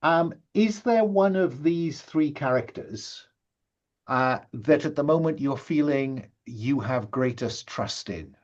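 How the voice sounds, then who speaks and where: Man, mid-pitched, chatty game master, dull online call audio, lots of fillers and restarts. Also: expressive, slow pace. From Wales. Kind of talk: facilitating a tabletop session zero. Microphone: video call.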